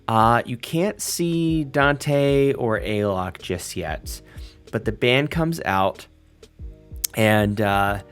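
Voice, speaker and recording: A man narrating a tabletop role-playing game as game master, halting often to search for words. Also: mid-range voice, animated, clean tone, faint music behind. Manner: halting, full of fillers and restarts.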